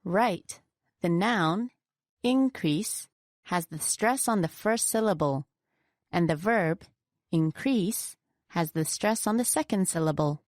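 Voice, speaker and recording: A woman co-presenting a scripted pronunciation lesson, slowing down to stress example words with care. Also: fairly low pitch, dry recording, clean studio sound. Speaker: pronunciation teacher.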